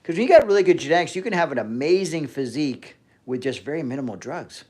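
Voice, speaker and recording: A man's voice: on the high side, expressive, fast, darkish tone. A man hosting a fitness livestream, ranting casually with heavy swearing and frequent trailing off mid-sentence.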